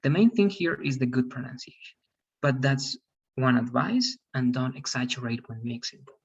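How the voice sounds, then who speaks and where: A man's voice: medium pitch, normal speed, slightly rough, dull audio. A man teaching an English class online, explaining rules and often checking with "all right?".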